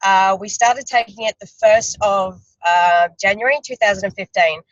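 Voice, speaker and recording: A woman guest on a video call telling a personal family story, speaking haltingly with many pauses. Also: mid-range voice, dry recording. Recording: dull, dry video-call audio.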